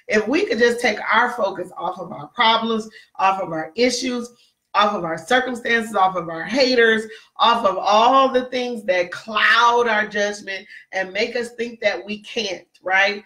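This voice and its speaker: Bright-voiced woman preaching emphatically. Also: a little high. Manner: repetitive, keeps asking "right?"; greets viewers by name mid-sermon. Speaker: preacher in a ministry. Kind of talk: livestreamed Bible teaching.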